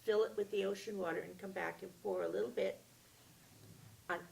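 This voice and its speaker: A woman voicing a small magical man who grants wishes, speaking calmly and instructively. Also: mid-range voice, brisk, gravelly, recorded from a distance, slight background noise, poor audio. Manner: calm, instructive.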